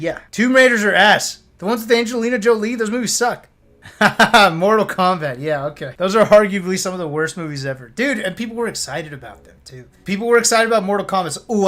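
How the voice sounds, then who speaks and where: A young man with a fairly high-pitched voice rants on a live stream. He is blunt and sarcastic, and he swears freely in a casual tone. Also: a bit bright.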